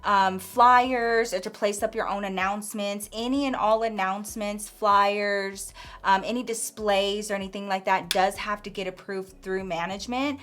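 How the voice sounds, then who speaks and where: Woman, casual storytime vlog, bright tone, chatty, animated, acts out quotes, lots of "girl" and "like". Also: medium pitch. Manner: says "girl" and "like" often.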